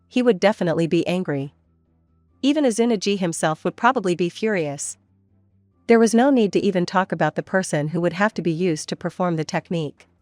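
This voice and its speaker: Female narrator for a read-aloud story: low register, dry delivery, soft music bed. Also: dry recording. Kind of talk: scripted fan-fiction narration.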